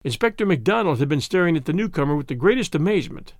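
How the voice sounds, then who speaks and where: A man reading a story aloud as an audiobook narrator, in steady scripted narration. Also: a little high, rapid-fire, no echo, clean studio sound.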